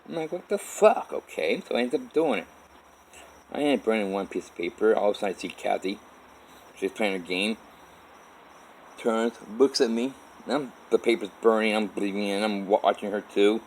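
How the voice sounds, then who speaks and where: A man's voice: on the low side, moderate pace, long pauses, a little hiss or hum, poor audio. A man telling a personal story in a rambling, profane way, full of restarts. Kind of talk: personal story told to camera.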